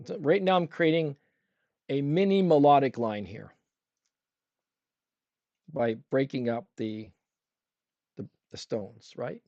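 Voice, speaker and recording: An art instructor teaches a livestream painting demo in a dark-toned, mid-range voice, chatting with viewers and asking them questions as he paints. At times he talks with a brush in his mouth. The audio is dull, with no room sound.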